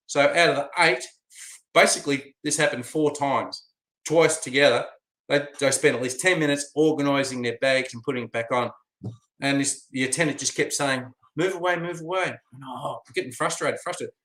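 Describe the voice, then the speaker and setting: An Australian man spins a long, rambling travel yarn, dotted with ums and uhs. His voice is bright and forceful, sitting in the middle of the pitch range. The recording has a roomy echo around it. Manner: rambling, chatty, with many fillers. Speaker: vlogger. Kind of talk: casual storytelling.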